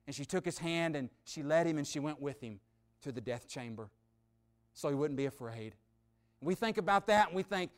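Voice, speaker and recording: A male preacher delivering a sermon, telling a story with dramatic pauses and a voice that swells louder and drops quieter. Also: fairly high pitch, lively intonation.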